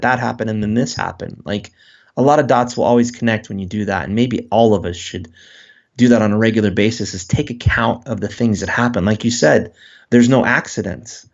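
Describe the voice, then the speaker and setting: Gravelly earnest man, candid. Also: mid-range voice, highs cut off. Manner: earnest, open, candid with frequent restarts. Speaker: guest author. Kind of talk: reflective interview talk.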